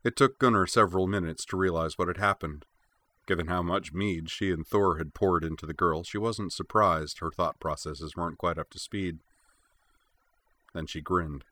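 Deep, forceful male audiobook narrator. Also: moderate pace. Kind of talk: scripted narration.

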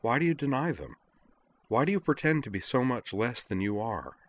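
A man voicing an angry young woman who scolds and confronts her friend, raising pitch for her lines. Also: sing-song, moderate pace. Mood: scolding. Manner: heated, scolding.

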